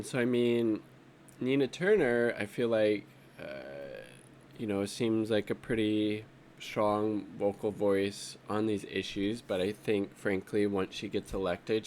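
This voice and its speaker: A man's voice: lowish voice, a little hiss or hum. A man giving casual off-the-cuff political commentary while browsing social media, rambling and profane, with an exasperated edge.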